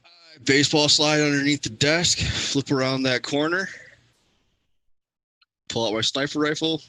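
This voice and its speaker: A man's voice: on the high side, unhurried, pushed and bright, poor audio. A man playing a tabletop game, describing his moves in a matter-of-fact, wry way. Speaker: player.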